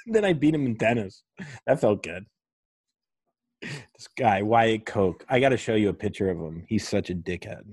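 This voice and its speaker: A man's voice: on the low side, lively intonation, a little slow, pauses often, darkish tone, husky, dry recording. A man who is a comedian hosting a podcast, telling a rambling story in casual chat and swearing often.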